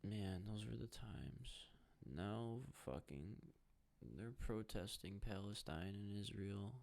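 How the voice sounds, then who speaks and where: A man's voice: lowish voice, slow, gravelly, darkish tone. A young man from the Side, hosting a podcast in a rambling, profane, joking monologue. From Chicago South Side. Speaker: podcast host.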